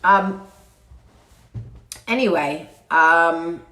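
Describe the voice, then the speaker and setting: A woman with a low voice and a cold talks unhurriedly to her viewers in a chatty, blunt, freely swearing way. She is recorded on a tablet in a roomy, echoey space. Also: drawn-out words, fairly bright tone. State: sick with a cold. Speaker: vlog host. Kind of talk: casual chat to camera. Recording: roomy echo.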